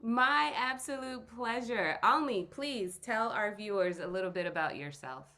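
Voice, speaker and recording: A woman's voice: on the high side, unhurried, pushed and bright. A woman hosting an interview show, upbeat and enthusiastic as she introduces and questions her guest. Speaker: show host.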